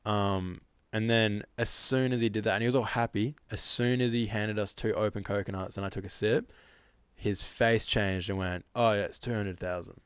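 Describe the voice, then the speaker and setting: A man's voice: on the low side, fairly even intonation, moderate pace, clear, resonant tone, dry recording. A young Australian man co-hosting a podcast, telling a travel story in a rambling, casual way, full of fillers and acted-out quotes. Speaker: podcast co-host. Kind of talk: casual chat.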